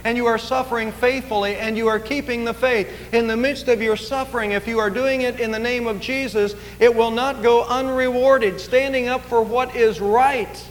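A man's voice: very high voice, fairly even intonation, normal speed, hardly any pauses, in a large hall, slight background noise, low-quality recording. A man preaching a sermon as pastor, earnest and emphatic, repeating key phrases for weight. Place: church sanctuary.

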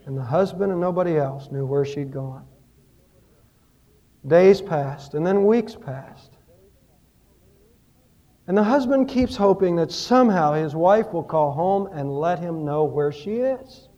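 A pastor preaching a sermon, telling stories and rising and falling in emphasis. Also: male voice, fairly high pitch, a little slow, long pauses, dark tone, highs cut off.

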